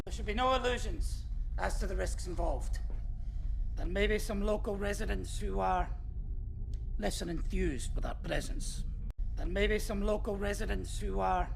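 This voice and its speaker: Imperial sergeant, stern, raspy, clipped formal briefing, high gravelly voice. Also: male voice, a little hiss or hum. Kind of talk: film dialogue.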